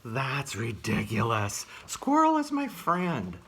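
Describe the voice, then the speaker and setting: A man voicing a big hungry male bear in a storybook read-aloud, drawling slowly. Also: mid-range voice, huge pitch swings, pushed and bright, a little hiss or hum, exaggerated voice.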